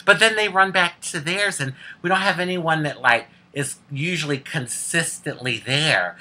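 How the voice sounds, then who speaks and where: Sassy woman with a sharp voice. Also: fairly low pitch, unhurried. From United States. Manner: sassy, candid, laughs often. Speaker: vlogger. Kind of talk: casual storytelling to camera.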